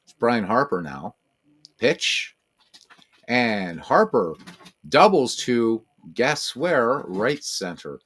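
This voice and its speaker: A man's voice: big pitch swings, drawn-out words, a bit bright, slightly rough. A man calling a tabletop baseball game in a casual play-by-play style, as if he were an announcer. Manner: mock announcer calls, talks to his cats in a high, cooing voice.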